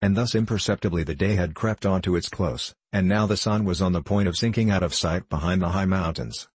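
Deep husky male storyteller. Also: no room sound. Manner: steady, measured storytelling. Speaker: audiobook reader. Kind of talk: scripted narration of a children's classic.

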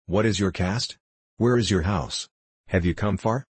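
A man's voice: low-pitched, measured pace, breathy edge, dry recording, heavily acted. A man voicing a brash, teasing young street boy. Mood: cocky. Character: bold street boy, cocky and quick.

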